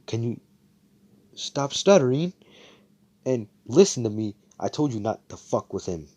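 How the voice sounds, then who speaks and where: A man's voice: mid-range voice, sing-song, a little slow, dark tone. A man voicing a cool young male rival who gives curt, swearing warnings.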